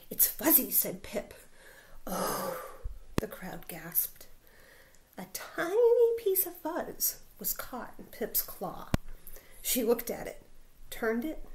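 A woman teacher reading a picture book aloud to her school, expressive, with dramatic sound words. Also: sits high, slight background noise.

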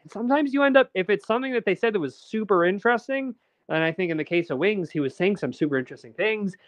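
A man's voice: high-pitched, expressive, fast, no room sound. A man, a documentary filmmaker, chatting casually as a guest and rambling with lots of fillers and restarts. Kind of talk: casual interview chat.

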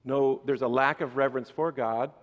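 A male pastor preaching a sermon, moving between calm teaching and loud emphatic bursts. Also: medium pitch, moderate pace, muffled recording. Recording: reverberant church hall.

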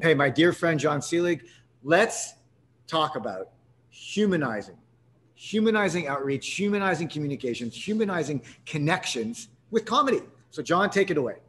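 A Canadian man hosts a live sales webinar, speaking energetically with lots of restarts and fillers. His voice is medium in pitch, with a little hiss or hum on the recording.

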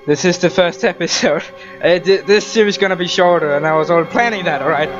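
A man's voice: sits high, a little fast, highs cut off, faint music behind. A man hosting a horror let's-play, jumpy and swearing as he talks to the game character. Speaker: gaming channel host.

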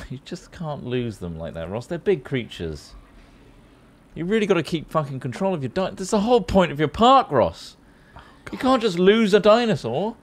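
British guy teasing his mates on stream, lively up and down voice. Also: fairly high pitch, normal speed. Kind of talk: casual gaming banter.

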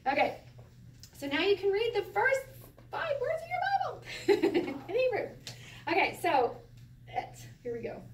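Her voice very high and unhurried, a woman leads an easygoing Bible Hebrew lesson, laughing frequently and posing rhetorical questions to her listeners. The recording has a roomy, distant echo with faint background noise.

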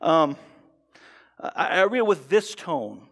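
A man's voice: a little high, very animated, slow, a bit bright. A man preaching a sermon in a church, talking conversationally with frequent restarts and acting out quotes. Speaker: pastor. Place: church sanctuary. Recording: long hall reverb.

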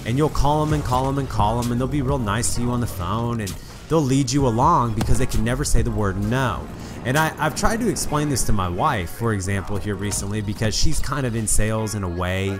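Man, mid-pitched, lecturing casually over clear background music, repeats himself for emphasis. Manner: conversational, emphatic, preachy advice with repeated restarts. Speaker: gaming commentary host. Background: music playing under the voice.

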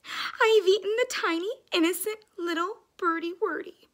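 A woman voicing a soft-hearted young dog who wails tearfully. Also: extremely high pitch, moderate pace, pitched above the performer's own voice. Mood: sobbing. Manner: wailing, tearful.

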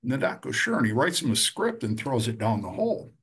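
A middle-aged man, a recovery counselor, talking earnestly and with feeling, with some halting fillers. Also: mid-range voice, sing-song, breathy edge. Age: middle-aged or older. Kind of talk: conversational storytelling.

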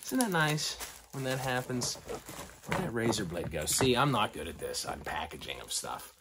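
A middle-aged man talking casually through an unboxing, excitable and often dropping to delighted whispers and gasps. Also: mid-range voice, moderate pace, background noise. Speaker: collector vlogger.

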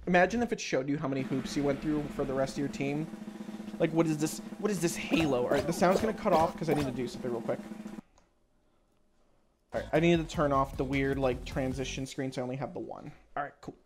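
A woman streaming a party game, giving excited play-by-play and yelling at every win and fall. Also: deep voice, fast talker. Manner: excitable, shrieks and yells at wins and falls. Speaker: gaming streamer. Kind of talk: excited let's-play commentary. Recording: game music behind the voice.

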